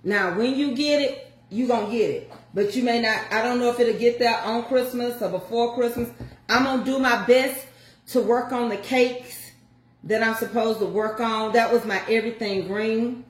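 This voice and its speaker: A woman's voice: fairly high pitch, moderate pace, echoey room. An older woman chatting folksily to viewers as she walks through a home recipe. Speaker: home cook showing a recipe. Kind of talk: casual cooking chat.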